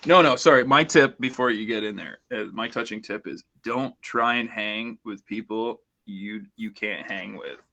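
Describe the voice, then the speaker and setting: A man's voice: lowish voice, normal speed, hardly any pauses, pushed and bright. A man co-hosting a podcast, giving short, blunt remarks and advice in casual chat. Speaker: podcast co-host. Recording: dull lo-fi sound.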